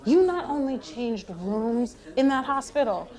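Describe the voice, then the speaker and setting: A woman's voice: sits high, big pitch swings, unhurried, darkish tone. A woman playing an older male hospital patient who rambles chattily, with laughing asides, in a stage play monologue. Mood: rambling.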